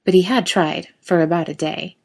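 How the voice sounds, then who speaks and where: Brief: woman narrator, low-ish, expressive storybook reading. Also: moderate pace, slightly rough. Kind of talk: reading fiction aloud.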